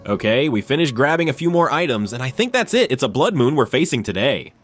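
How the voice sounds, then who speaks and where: A man hosting a gaming channel, giving excitable, jumpy play-by-play commentary on a survival game. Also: medium pitch, fast talker, faint music behind.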